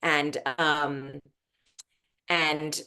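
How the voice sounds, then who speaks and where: A middle-aged woman with a notably low voice, chatting as a guest author. She tells stories loosely, circling back and restarting her sentences as she goes. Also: little pitch movement, very slow, sharp tone, smooth. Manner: rambling storyteller, restarts sentences. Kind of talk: casual interview chat.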